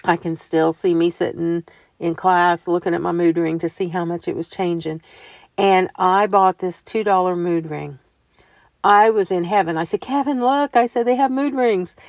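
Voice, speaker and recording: An older woman telling homey stories in a chatty, casual voiceover, growing animated as she recounts things. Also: fairly low pitch, moderate pace, no echo. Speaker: vlogger. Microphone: close mic voiceover.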